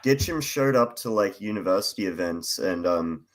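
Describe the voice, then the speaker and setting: A man's voice: low voice, lively intonation, moderate pace. An Australian man chatting on a podcast, telling anecdotes in a wry, dry way. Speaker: podcast guest. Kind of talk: casual chat.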